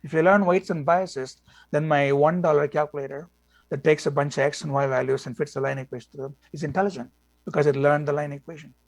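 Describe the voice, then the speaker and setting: A man's voice: on the high side, steady tone, fast talker, vocal fry, no room sound. A man lecturing a class on machine learning, blunt and opinionated, with many fillers like "you know" and "okay".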